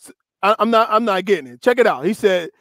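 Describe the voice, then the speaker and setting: A male host in casual discussion, animated, laughing often and drawing out quoted words slowly for emphasis. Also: sits high, no room sound, clean studio sound.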